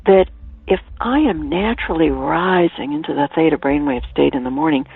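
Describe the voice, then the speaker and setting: A woman guest on a radio interview, her low voice gravelly and a little husky. She tells her stories with animation and drops into a soft whisper at times. The sound is tinny and dry, as if coming in over a phone line. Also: normal speed, no echo. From Ireland. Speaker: author and guest.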